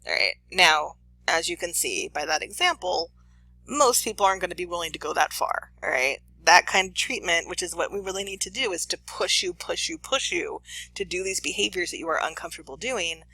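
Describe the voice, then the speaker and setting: Gravelly, bright-toned lecturer telling a story. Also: mid-range voice, fairly quick, dry recording, rough recording. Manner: animated storytelling, acting out the people in the story. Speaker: professor.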